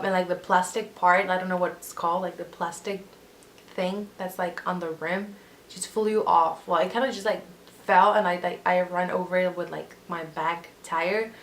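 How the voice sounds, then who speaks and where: A woman's voice: lowish voice, fairly bright tone, a little hiss or hum. A young woman telling a casual storytime vlog, rambling with lots of fillers. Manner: rambling, filler-heavy, full of "like". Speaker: vlogger.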